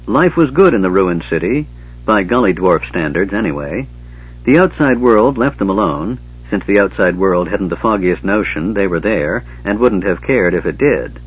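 A man narrating a fantasy novel in a measured, even storytelling style. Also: low-pitched, slightly rough. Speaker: audiobook narrator. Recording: dull lo-fi audiobook recording.

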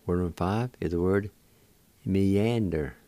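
A man's voice: low voice, a little slow, mellow, dry recording. A man hosting a radio language lesson, spelling out words and repeating them syllable by syllable. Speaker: radio host teaching words.

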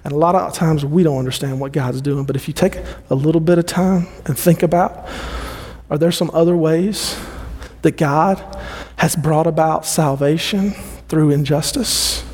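A man in his thirties preaching a sermon, animated and given to repeating words as he builds a point. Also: a little high, normal speed, slightly rough, big-room sound. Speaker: pastor.

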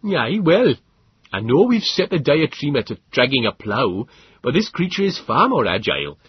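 A man's voice: mid-range voice, huge pitch swings, normal speed, slightly rough, dull audio, voice pushed up, exaggerated voice. A man voicing a cheerful, rugged young male colonist with a hearty rustic way of speaking. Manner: hearty rustic dialect speech.

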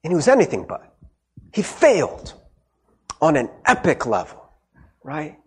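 A man's voice: a little high, huge pitch swings, a little fast, a little mellow, husky. A male pastor preaching a casual, conversational sermon. He tags his points with "right?" and acts out the quotes he retells. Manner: tags many sentences with "right?"; acts out quoted speech in character.

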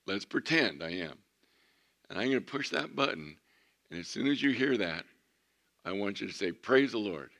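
A man preaching a sermon as pastor, animated, moving between loud emphatic lines and hushed ones. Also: fairly low pitch, moderate pace, creaky, long pauses.

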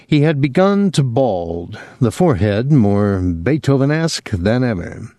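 Expressive male audiobook narrator, dry sound. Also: mid-range voice, dry recording. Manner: measured, expressive storytelling. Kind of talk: scripted narration.

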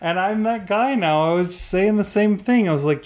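A middle-aged man in casual podcast chat, rambling and animated, acting out little quotes and laughing as he goes. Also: high voice, normal speed, hardly any pauses. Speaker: podcast co-host.

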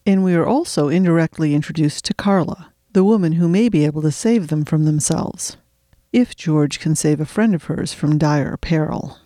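Woman reading her mystery novel from her attic, wry and chatty, soft warm tone, dry close sound. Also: low-pitched, normal speed, no echo. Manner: wry, chatty and self-deprecating. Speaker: podcast host and fiction reader. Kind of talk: reading her own mystery fiction aloud. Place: home attic.

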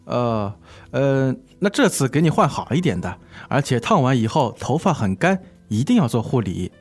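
A man's voice: mid-range voice, big pitch swings, moderate pace, breathy edge. A man voicing a persuasive male hairdresser in a scripted lesson dialogue, coaxing and salesy.

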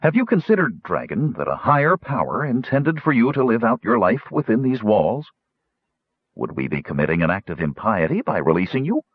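A man's voice: fairly low pitch, big pitch swings, slightly rough, dry recording, phone-quality sound. A man doing a stern, honor-bound knight. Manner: stern, measured.

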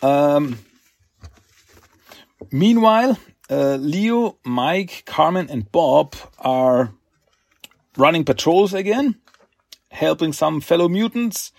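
Slow, husky-voiced man recapping comics. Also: on the high side, lively intonation, no room sound, studio quality. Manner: rambling, halting, with fillers and acted quotes. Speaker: podcast host. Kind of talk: casual comic-book recap.

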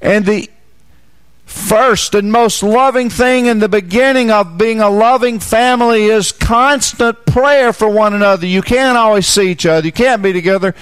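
A man's voice: high-pitched, moderate pace, a bit bright, clean tone, no room sound. A man preaching a Bible teaching sermon, repeating key phrases and asking the listeners questions.

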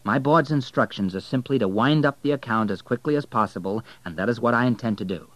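A man reading an audiobook, voicing a young male banker with a measured, formal, controlled delivery. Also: medium pitch, a bit bright, dry recording, voice pushed up, natural voice, rough recording. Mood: calm.

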